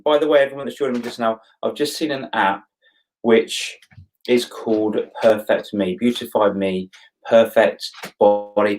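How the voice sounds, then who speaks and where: A man's voice: medium pitch, darkish tone, rough recording. A middle-aged man hosting a casual livestream, greeting viewers by name and ranting with annoyance. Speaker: livestream host. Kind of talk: casual live chat to viewers.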